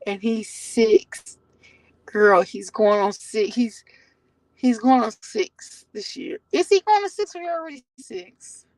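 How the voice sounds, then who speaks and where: A woman's voice: on the high side, slow, darkish tone, dry recording, rough recording. A woman vlogging from her car, telling a rambling, profane story to her viewers.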